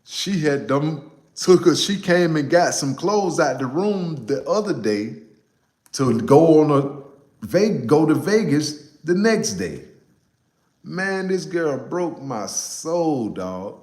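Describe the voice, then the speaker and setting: A young man, casually telling a personal story to a live chat, animated and repeating himself for emphasis. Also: a little high, slow, roomy sound.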